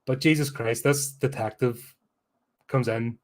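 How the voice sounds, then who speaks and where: A man's voice: medium pitch, normal speed, pauses often. Sarcastic Belfast man ranting about films. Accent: Northern Irish, Belfast. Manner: blunt, sarcastic, sweary. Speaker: podcast host, film reviewer. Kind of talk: casual film review rant.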